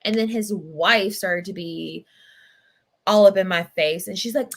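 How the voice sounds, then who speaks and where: A woman's voice: medium pitch, a little slow, fairly bright tone. A young adult woman hosting a casual livestream, chatting and telling stories in a rambling way with many fillers. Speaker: livestream book-club host. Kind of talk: casual livestream chat and storytelling.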